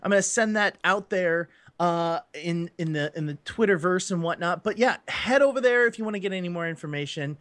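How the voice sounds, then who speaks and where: A man with a high voice co-hosts a casual podcast, stumbling and restarting as he explains things. The recording is dry and close, with no room sound. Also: a little fast, hardly any pauses, fairly bright tone, dry recording. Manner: rambling, stumbling restarts, laughing. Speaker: podcast co-host.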